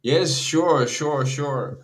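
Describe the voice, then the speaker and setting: A man's voice: a little high, extremely slow, rough recording. A man sharing his impressions in a group, with stammering restarts. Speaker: group member.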